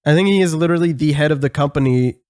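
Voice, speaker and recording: A man hosting a casual podcast chat, excitable and rambling, swearing and restarting his sentences. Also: on the high side, very fast, no echo, studio quality. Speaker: podcast host.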